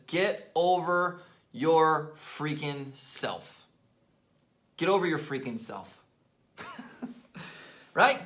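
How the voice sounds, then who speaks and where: A slightly hoarse, high-pitched network marketing coach talks to camera from his office desk, pushing motivation with emphatic energy. Key points come back again and again, "right?" and "okay?" pepper the gaps between phrases, and a roomy echo colors the audio.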